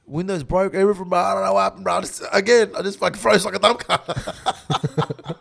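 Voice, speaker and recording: A high-pitched man with an Australian accent, his voice rough and gravelly. He tells his story casually and swears constantly, getting loud and laughing as he goes. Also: fairly even intonation, fairly quick. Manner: gets loud and laughs while telling. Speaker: interview guest.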